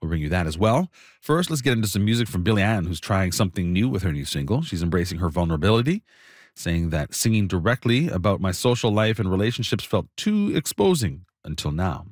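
A man hosting a radio show, relaxed and easygoing with small fillers. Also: low voice, a little fast, dry recording, clean studio sound. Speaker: radio host. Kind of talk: radio show host talk.

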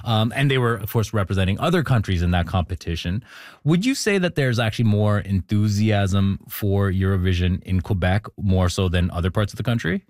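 A man's voice: on the low side, lively intonation, brisk, darkish tone, no echo, clean studio sound. A man hosting a panel discussion, asking questions in a playful way. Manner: playful, laughs between questions. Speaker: host.

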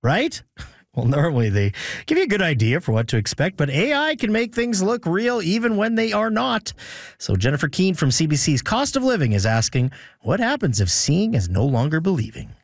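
Guy hosting radio, high voice bouncing all over, chatty and playful, bit of music underneath. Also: a little fast, no echo, clean studio sound. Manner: lively, playful, banters with listeners. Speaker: radio host. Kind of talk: casual on-air chat.

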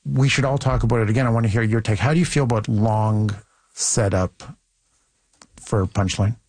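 A man's voice: fairly low pitch, normal speed, a little mellow, no room sound. Man, radio host, upbeat, friendly, dry close studio sound. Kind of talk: call-in radio chat.

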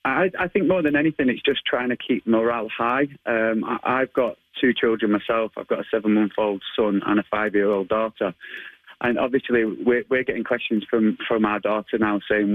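A low-pitched man, talking as an interview guest. He is friendly and rambles, full of ums and restarts. The sound is dry and close. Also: normal speed, no echo, phone-quality sound. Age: 30s. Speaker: martial arts instructor, interview guest. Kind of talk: casual phone interview.

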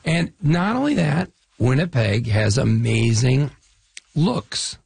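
A middle-aged man from the Chicago area talks in a casual interview, spinning animated stories full of lists and restarts. His voice is gravelly and slightly husky. It sounds close and dry, with no room around it. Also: medium pitch, takes it slowly, no echo. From Chicago area, US Midwest. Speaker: actor guest.

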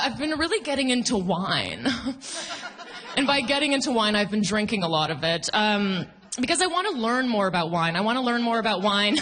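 A young adult woman performing a stand-up comedy routine, animated, playful and sarcastic. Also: a little high.

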